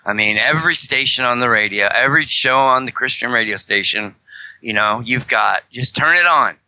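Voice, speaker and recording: A man's voice: mid-range voice, normal speed, bright, forceful tone, no room sound, poor audio. A man chatting as a guest on a podcast, rambling and joking, with many self-corrections. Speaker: guest, fellow fringe Christian show host. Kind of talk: casual podcast chat.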